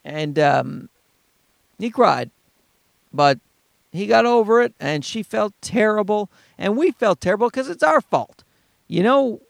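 Man, high voice, exasperated profane rant, dry close sound, inside a car. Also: expressive, unhurried, creaky, pauses often, no room sound. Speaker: father talking to camera. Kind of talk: ranting monologue.

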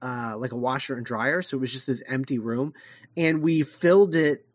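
A podcast co-host in casual chat, excitable and laughing, who talks in fits and starts. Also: mid-range voice, moderate pace, no echo.

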